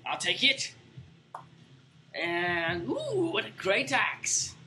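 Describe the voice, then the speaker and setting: A man's voice: sits high, huge pitch swings, extremely slow, noisy background, pitched above the performer's own voice, heavily acted. A man voicing a boastful, commanding male villain boss in a tabletop game. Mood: gloating. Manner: gloating, commanding.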